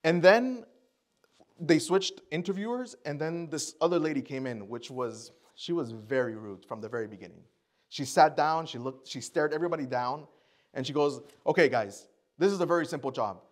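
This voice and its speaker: A man's voice: a little high, normal speed. Man telling a story from a church pulpit. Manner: conversational storytelling, acts out his own thoughts and other people's lines. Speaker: guest speaker at church. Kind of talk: personal testimony sermon. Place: church before a congregation.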